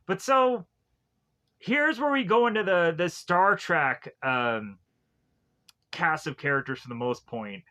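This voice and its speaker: A man giving a casual spoken film review, rambling and halting with many filler words. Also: on the high side, expressive, sharp tone.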